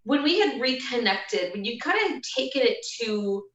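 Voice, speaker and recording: A woman's voice: on the high side, sing-song, moderate pace, a bit bright. A woman interviewing a guest in a chatty, casual way, steering the conversation. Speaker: interviewer and trainer. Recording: echoey, distant, dull sound.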